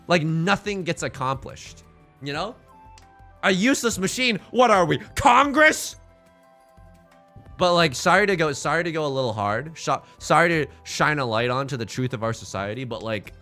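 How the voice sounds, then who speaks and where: A man streaming, chatting casually and jokingly with viewers while playing a game. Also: on the high side. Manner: rambling, jokey, animated asides.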